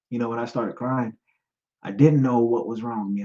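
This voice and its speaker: Man in his thirties, choked-up personal testimony, halting repeats, medium pitch, slightly muffled lo-fi sound. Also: fairly even intonation, warm tone. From United States. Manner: emotional, halting, repeats himself, gets choked up. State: choked up, near tears. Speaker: podcast host and guest telling his own story. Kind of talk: personal testimony, live stream talk.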